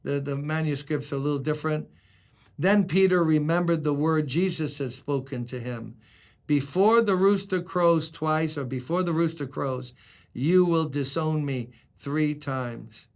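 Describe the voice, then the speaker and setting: An older male pastor gives a devotional sermon in a conversational style, acting out quoted lines with dramatic emphasis. His voice is on the high side, and he talks a little slowly.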